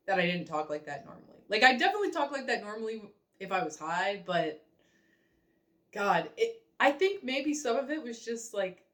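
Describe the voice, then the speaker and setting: A woman's voice: medium pitch, fairly bright tone. A young woman rambling chattily in a casual reaction vlog, full of fillers and self-mockery. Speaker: vlogger.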